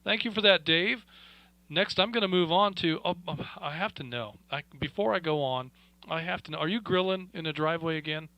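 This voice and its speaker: A man hosting an amateur radio net with a bright, forward voice. He talks in a relaxed, folksy way, full of fillers. The tone stays friendly and conversational. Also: on the high side, a little fast, dry recording, poor audio. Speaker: radio net control host. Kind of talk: casual radio net chat.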